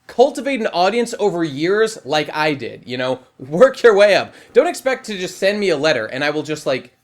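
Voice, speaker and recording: Animated, profane male video reviewer. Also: on the high side. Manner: profane, wry, animated rant with frequent filler "like". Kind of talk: casual opinionated review commentary.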